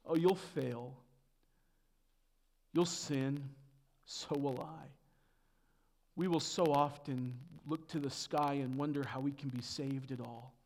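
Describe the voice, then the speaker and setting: A man preaching a sermon as pastor, dropping to hushed tones and then building to loud, emphatic peaks. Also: steady tone, slow, pauses often. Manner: swings from hushed to booming emphasis.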